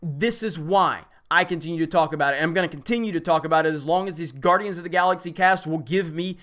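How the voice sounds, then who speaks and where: A man's voice: fairly high pitch, fast, a bit bright. A man hosting an online commentary show, talking in a blunt, heated rant. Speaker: commentary host. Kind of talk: opinionated commentary.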